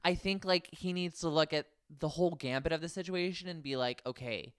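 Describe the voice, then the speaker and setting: A man chats casually as a podcast co-host, recapping a reality show and slipping into quoted voices. His voice is smooth and clear. The sound is close and dry. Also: a little high, a little fast, no room sound. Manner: chatty, quotes others in mock voices.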